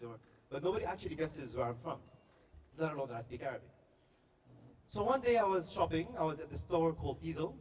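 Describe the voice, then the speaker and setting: A man performing stand-up comedy at a staff party, telling stories with quick, playful delivery and deadpan punchlines. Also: a little high, distant mic, slight background noise. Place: party venue before a live audience.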